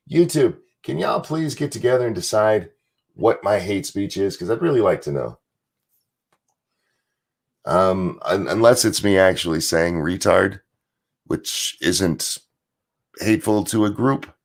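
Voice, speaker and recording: A man with a strained, hoarse voice, ranting casually as host of a live stream and reading out viewer messages. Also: lowish voice. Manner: blunt, rambling, reads out viewer messages. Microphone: desk mic.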